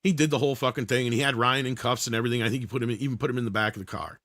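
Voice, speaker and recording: A middle-aged man telling a story in casual chat, animated and profane, acting out the voices of the people in it. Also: mid-range voice, rapid-fire, no room sound, clean studio sound.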